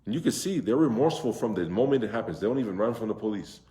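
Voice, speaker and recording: Echoey low-voiced man teaching recitation. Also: expressive, mellow. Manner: explains slowly, drawing out Arabic words and asking the class questions. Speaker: imam teaching Quran recitation. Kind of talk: interactive class lesson. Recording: echoey room.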